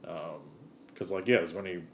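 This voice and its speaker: A low-voiced man co-hosts a podcast at a moderate pace, with a little hiss or hum in the recording. The chat is casual and comedic, and he comes across giggly, rambling, and deadpan in his teasing.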